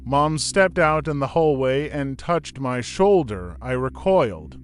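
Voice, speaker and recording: A man narrating a scripted horror story in a steady, measured reading. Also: mid-range voice, a little hiss or hum.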